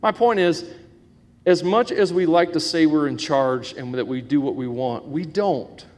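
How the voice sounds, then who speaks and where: A middle-aged male pastor with a high voice preaches a sermon in a church sanctuary, his words ringing with a long hall echo. He jokes with the congregation and keeps asking them questions. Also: unhurried. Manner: joking, asks the congregation questions.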